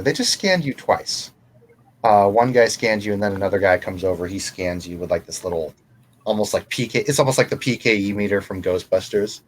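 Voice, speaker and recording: A man runs a tabletop game in a very low, deep voice. He narrates loosely, rambling along with fillers. Faint noise hums behind him. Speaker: game master.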